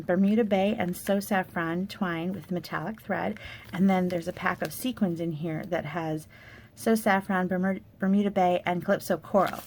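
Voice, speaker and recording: A woman's voice: medium pitch, a little mellow, a little hiss or hum. A woman demonstrating a paper craft project, chatting in an upbeat way as she walks through supplies and steps. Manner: upbeat, chatty product walkthrough. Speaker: card-making demonstrator. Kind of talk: casual crafting tutorial.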